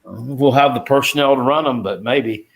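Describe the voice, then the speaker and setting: A man's voice: mid-range voice, normal speed, vocal fry. Easygoing rambling man. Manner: rambling, easygoing, many fillers. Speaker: co-host. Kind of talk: casual sports chat.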